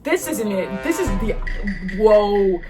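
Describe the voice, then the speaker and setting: A young woman vlogger reacting to texts out loud, exasperated and swearing often. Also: medium pitch, animated, takes it slowly, over music. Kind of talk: reaction commentary reading texts.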